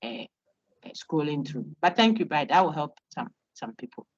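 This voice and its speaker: Ghanaian woman lecturing in a low voice. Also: animated, normal speed. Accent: Ghanaian English. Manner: repeats words, asks "okay?" to check understanding. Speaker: university lecturer. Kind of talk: online class lecture with student questions. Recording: dull lo-fi online call audio.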